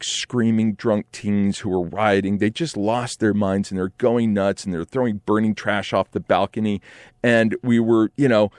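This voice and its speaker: A man in his forties telling a comic personal story in an animated, profane, rambling style, often saying "like" and "right?". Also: lowish voice, no room sound, clean studio sound.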